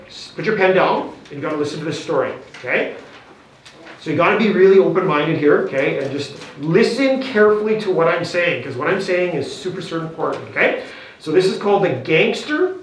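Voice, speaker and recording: An upbeat male teacher talks a class through a lesson in a fairly high voice, coaxing students along and checking in every few words. The sound is very echoey, picked up from well away from the mic. Faint music plays underneath. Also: far from the mic, a little hiss or hum. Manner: upbeat, coaxing, peppered with "okay?" and "right?".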